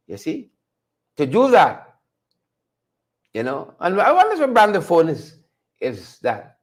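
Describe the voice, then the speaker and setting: A man hosting a live-stream show, chatting with viewers and calling them folks. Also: fairly high pitch. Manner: animated, conversational, addresses viewers as folks. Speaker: host.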